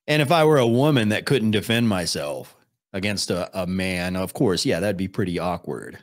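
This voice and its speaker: Man, young adult, lowish voice, casual stream host, deadpan sarcastic asides. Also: measured pace, long pauses. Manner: dry, sarcastic remarks. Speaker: streamer reacting to videos. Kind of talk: casual live-stream commentary.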